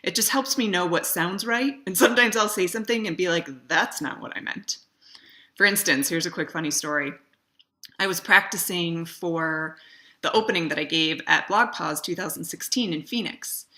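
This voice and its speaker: A woman's voice: fairly low pitch, normal speed, pushed and bright. A woman talking straight to camera in a conversational way, giving advice on speaking for video and stressing words for emphasis. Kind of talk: casual direct-to-camera talk.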